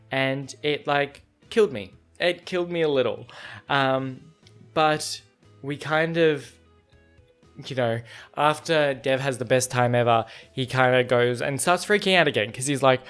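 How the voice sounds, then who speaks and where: A young man hosting a book club, chatting excitedly and rambling with lots of fillers and swearing, sometimes reading passages aloud. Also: mid-range voice, moderate pace, soft background music. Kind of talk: casual reading reaction and read-aloud.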